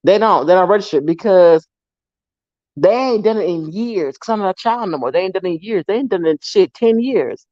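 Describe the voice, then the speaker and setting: A woman vlogger casually telling family stories to her viewers, animated and swearing freely. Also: medium pitch, fairly quick, dry recording, dull audio.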